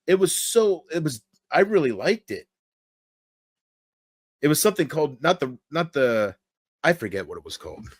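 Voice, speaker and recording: A man's voice: a little high, big pitch swings, normal speed, pauses often, breathy edge, dry recording. A man streaming late at night, reading chat and rambling crudely with lots of swearing. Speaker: livestreamer.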